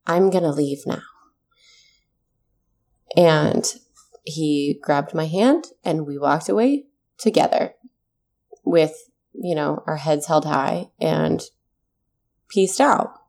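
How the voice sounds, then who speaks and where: A woman's voice: sits low, lively intonation, slow, vocal fry, pauses often, a little mellow. A woman, a mother in her thirties, earnestly telling a personal story in a casual chat, swearing now and then when heated.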